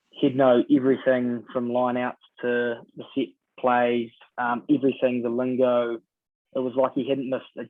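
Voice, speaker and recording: A man's voice: medium pitch, dry recording. Laid-back New Zealand man, tinny sound. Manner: relaxed storytelling, many ums and sort-ofs. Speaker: guest rugby player. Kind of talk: casual podcast chat. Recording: dry, tinny phone-like sound.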